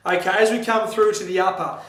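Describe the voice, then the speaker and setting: A man's voice: high-pitched, fairly even intonation, fast talker, a bit bright. A man with an Australian accent giving a candid, friendly running shoe review to camera, with frequent ums and restarts. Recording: echoey room.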